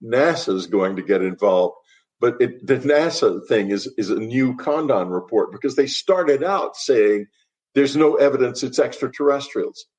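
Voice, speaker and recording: A man's voice: medium pitch, lively intonation, unhurried, darkish tone. An older man, a guest author on a podcast interview, speaking bluntly and dismissively, with a laugh at what he finds absurd.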